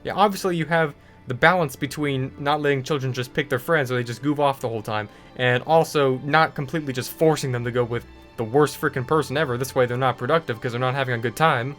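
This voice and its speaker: Young guy, mid-pitched, rambling gaming rant, faint music under it. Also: quick pace, fairly bright tone. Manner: ranting, frequent fillers and restarts. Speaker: gaming video creator. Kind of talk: casual rant over gameplay.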